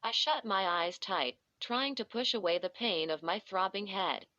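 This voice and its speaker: A woman narrating a first-person story in a slow, measured reading. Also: mid-range voice, pushed and bright, no echo. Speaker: audiobook narrator. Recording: dull lo-fi dry recording.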